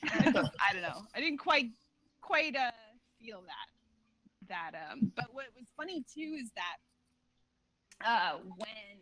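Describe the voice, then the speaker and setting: A woman's voice: fairly high pitch, very animated, takes it slowly, pauses often, fairly bright tone, low-quality recording. A woman chatting as a guest on an interview show, rambling and packing her talk with filler words. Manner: laughs often while talking. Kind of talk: casual chat.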